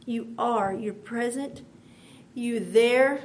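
Woman preacher, slow and earnest, higher voice, faint room hiss. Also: darkish tone. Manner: earnest, repeats phrases, slow emphatic build. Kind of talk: devotional sermon.

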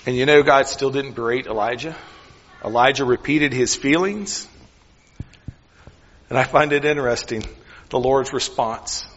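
A male pastor preaching a sermon earnestly, with deliberate pauses and drops to a near whisper for emphasis. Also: mid-range voice, expressive, fairly bright tone. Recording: dull sound with long hall reverb.

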